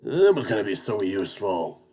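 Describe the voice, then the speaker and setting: A man's voice: on the low side, big pitch swings, normal speed, darkish tone, voice pushed up. A man voicing a fussy, caring male ship doctor in a game playthrough. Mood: hurried.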